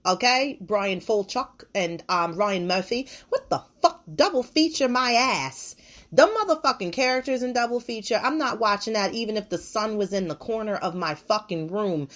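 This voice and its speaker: A woman's voice: medium pitch, pushed and bright. A woman hosting a podcast in a casual monologue, ranting bluntly and swearing freely. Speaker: podcast host.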